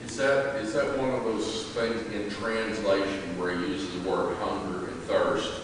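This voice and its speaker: Male class member, low and slow, picked up far from the mic in a very echoey room with faint noise. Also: flat delivery. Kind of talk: asking questions in class. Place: church classroom.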